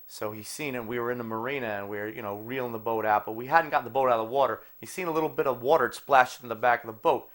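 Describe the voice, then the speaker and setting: A man from New Jersey spins a loose, profane story for his friends, padding every turn with "like" and "you know." His voice sits at an ordinary middle pitch, and he keeps the tale rolling in a casual, unpolished way. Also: steady tone, racing, few pauses, a bit bright. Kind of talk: casual anecdote telling.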